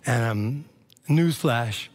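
A man's voice: medium pitch, drawn-out words. A man preaching a casual, conversational sermon as pastor to his church, with frequent asides.

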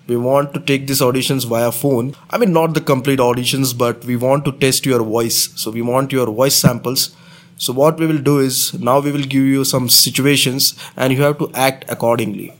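A man making a prank phone call, insistently pitching a fake casting offer. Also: steady tone, normal speed. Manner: insistent, smooth-talking recruiter pitch. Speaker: prank caller.

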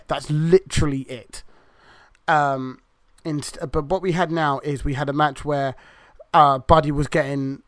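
Sweary guy rambling thru wrestling recaps, kinda high voice, dry close sound. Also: a bit bright, no echo. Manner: rambling, swears freely, acts out wrestlers' lines. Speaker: podcast co-host. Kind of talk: casual wrestling review chat.

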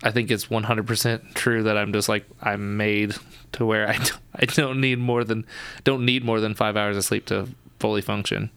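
A young man speaks as a podcast guest in a relaxed way, full of fillers like "like". His voice is gravelly but smooth, and the sound is dry and close. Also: lowish voice, normal speed, dry recording. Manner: relaxed, filler-heavy, laughs often. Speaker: guest, church elder and musician. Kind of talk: casual interview.

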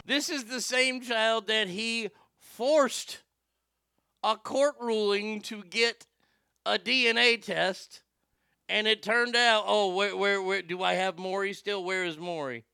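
A man's voice: sits high, steady tone, takes it slowly, vocal fry, bright, forceful tone, clean tone, dry recording. A man hosting a political commentary show, sarcastic and profane, mocking what he plays. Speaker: host.

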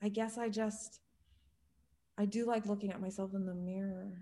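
Female podcast guest, deadpan and hesitant, mid-range voice. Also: medium pitch, normal speed. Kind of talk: casual chat.

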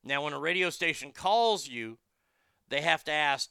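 A man in his fifties hosting a show, chatting casually and bluntly, telling animated stories and acting out callers' voices. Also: fairly high pitch, normal speed, gravelly, clear, resonant tone, dry recording, studio quality. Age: 50s. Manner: blunt and profane. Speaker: show host. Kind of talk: casual chat reading viewer comments.

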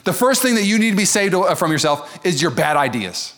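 Animated higher-voiced male pastor preaching. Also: a little fast. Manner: animated, jokey, acts out voices of others. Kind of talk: sermon.

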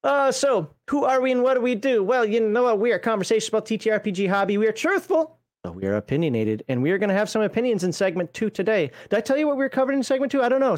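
Male host with a high voice and a dry, close sound; rambling, jokey stream banter. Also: quick pace, hardly any pauses, a little mellow, no echo. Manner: rambling and joking, chuckling often. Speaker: podcast host. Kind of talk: casual live-stream chat.

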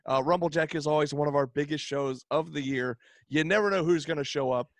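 Raspy-voiced man hyping an event. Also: fairly high pitch, a little fast, dry recording. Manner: upbeat, hype-building, many "uh" fillers. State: raspy, worn voice. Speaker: podcast co-host. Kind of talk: casual podcast chat.

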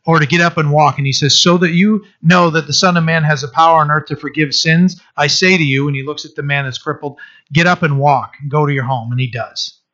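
A man preaching a conversational sermon to his church, reading scripture and explaining it with restarts and animated asides. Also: fairly high pitch, fairly quick. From Maine. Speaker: pastor. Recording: dull lo-fi sound.

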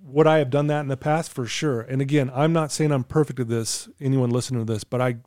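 Earnest man with a warm, dry voice. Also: mid-range voice, steady tone, quick pace, no room sound. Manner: earnest, coaching tone with anecdotes. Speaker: podcast guest. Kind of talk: casual podcast chat.

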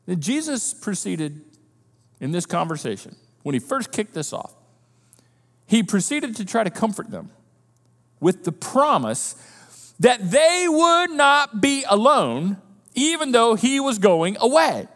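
A man preaching a sermon, conversational and animated as he acts out the disciples' panic. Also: high-pitched, measured pace, long reverb tail. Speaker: pastor.

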